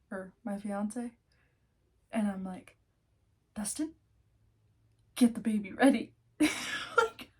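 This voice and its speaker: A young woman in her twenties, telling a story in a casual vlog, animated, swearing freely and laughing often. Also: mid-range voice, creaky, husky. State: out of breath. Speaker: vlogger.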